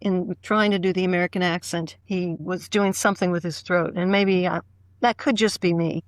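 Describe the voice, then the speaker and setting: A woman's voice: on the low side, fairly even intonation, moderate pace, no room sound. A woman fan on a podcast panel, chatting casually and retelling scenes from the show.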